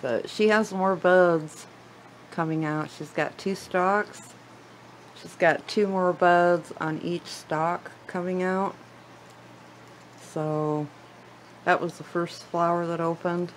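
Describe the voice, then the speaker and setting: A woman's voice: on the low side, steady tone, slow pace, a little hiss or hum, poor audio. A woman giving a casual tour of her houseplants in her living room, chatty and gushing, often trailing off mid-sentence. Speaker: plant vlogger.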